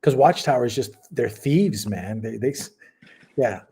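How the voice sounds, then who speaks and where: A man co-hosting a casual podcast, telling his stories in halting, rambling bursts full of restarts. His voice is dark and husky, at an ordinary pitch. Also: animated. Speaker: podcast co-host. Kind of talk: casual chat.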